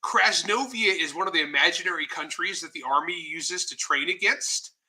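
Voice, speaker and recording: A man with a fairly high voice and a very bright, sharp tone tells stories as an interview guest. He talks in an animated, joking way, and the sound has the slight thinness of a video call. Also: a little fast. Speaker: guest author. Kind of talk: casual storytelling interview.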